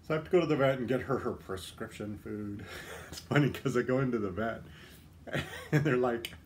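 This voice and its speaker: A man's voice: medium pitch, normal speed, a little hiss or hum. Chatty man hosting a casual livestream. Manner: chatty, self-deprecating, joking asides. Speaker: livestream host. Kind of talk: casual chat answering viewer comments.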